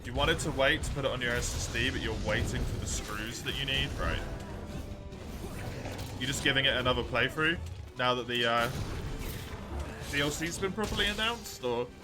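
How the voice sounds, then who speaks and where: A man's voice: medium pitch, normal speed, pauses often, music in the background. A man streaming a game live, chatting with his viewers in a blunt, sarcastic way and swearing freely. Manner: blunt, swearing, sarcastic mock-formal asides. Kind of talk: casual live-stream chat while gaming.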